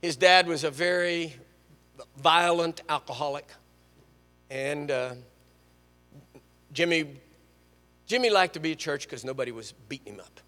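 A man's voice: on the high side, unhurried, pauses often, big-room sound. An older man preaching a sermon in a church, telling stories and joking with the congregation. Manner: storytelling, animated, jokes with the congregation. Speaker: guest preacher. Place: church sanctuary.

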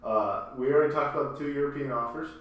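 Male co-host, casual joker, average pitch, off-mic with a very echoey room. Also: quick pace, recorded from a distance, highs cut off, over a noisy crowd. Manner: joking, laughs often. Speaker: podcast co-host. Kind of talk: casual sports chat.

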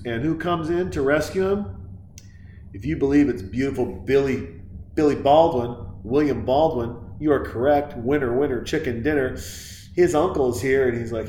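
A man rambling through a comedic movie recap, profane and excitable, jumping from point to point. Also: medium pitch, normal speed, echoey room, slight background noise. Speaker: movie reviewer.

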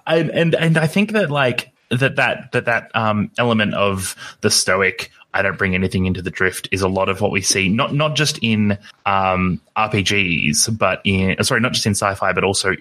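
Man, casual podcast talk, lowish voice, bright edge, halting. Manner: halting, many fillers and restarts.

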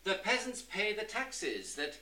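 A fawning, scheming royal advisor flatters his king in a high, shrill, sing-song voice, as a man acts him out. The voice sits back from the mic in an echoey room. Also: measured pace, recorded from a distance, exaggerated voice. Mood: wheedling, scheming. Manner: obsequious, grovelling, giggly.

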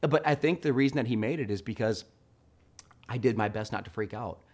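A middle-aged man preaching a sermon, telling a story with animated swings between hushed and loud delivery. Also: mid-range voice, fairly quick. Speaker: pastor.

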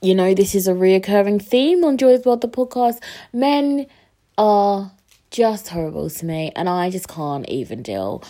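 A woman's voice: mid-range voice, expressive, a little slow, dark tone. A woman, hosting a casual solo podcast while she is sick and upset. She rambles, with lots of fillers and some swearing. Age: 20s. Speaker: podcast host.

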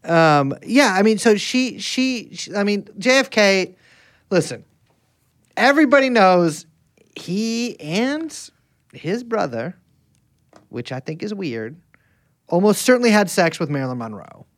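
A male podcast co-host who rambles crudely, joking and breaking off mid-thought. His pitch swings widely with animated energy, and the recording is dry and close with no room sound. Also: a little slow, pauses often, no echo. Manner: rambling, crude, jokey, trails off and restarts. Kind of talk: casual podcast chat.

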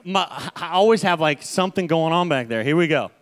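A young man preaching a lively, conversational sermon to a church, often repeating his phrases. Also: on the high side, brisk.

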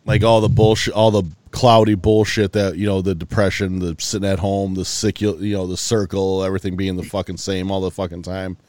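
A man with a low voice tells a rambling story on a podcast, swearing often and stumbling over his own sentences. He sounds worn out and yawny. The sound is close and dry, with no room echo. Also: level tone, a little fast, few pauses, darkish tone. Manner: loose, profane storytelling with frequent restarts. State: yawning, tired. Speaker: podcast co-host. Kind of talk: casual chat.

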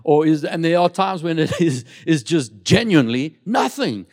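Male pastor, middle-aged, lively sermon delivery with call-and-response, animated and slightly high-pitched. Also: moderate pace. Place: church.

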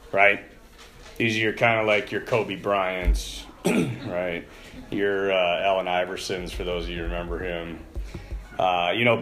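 A man preaching a conversational Catholic sermon, telling a story and often clearing his throat. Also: mid-range voice, a bit bright.

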